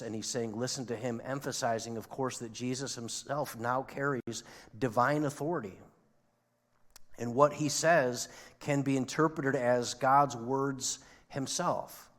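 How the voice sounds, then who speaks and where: A male pastor delivers a sermon in a conversational style and poses questions to his congregation. His voice sits at an ordinary middle pitch. A long reverb trails each phrase, as in a large church hall. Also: a bit bright. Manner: conversational preaching with rhetorical questions. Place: church sanctuary.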